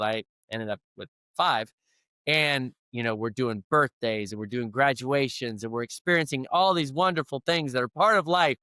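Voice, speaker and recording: A man's voice: medium pitch, normal speed, sharp tone, no echo. Earnest storytelling man, dry sound. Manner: earnest storyteller who acts out quoted dialogue. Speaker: leadership coach and guest. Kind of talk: storytelling in a conversational interview.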